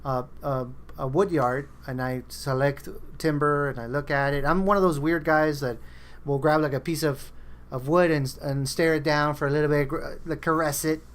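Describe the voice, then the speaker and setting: A fairly high-pitched man hosts a podcast, keeping a steady tone and moderate pace. His talk is casual and meandering, full of stories where he imitates what friends said.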